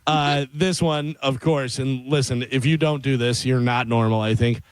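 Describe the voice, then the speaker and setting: A man co-hosting a morning radio show in casual chat, animated and acting out his own quotes in a studio. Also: mid-range voice, normal speed, clean tone, dry recording, rough recording. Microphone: close studio mic.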